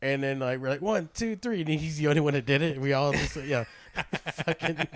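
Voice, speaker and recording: A man, a comedian co-hosting a podcast, chatting casually and excitably with plenty of swearing. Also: medium pitch, fairly quick, dry recording. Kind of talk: casual chat.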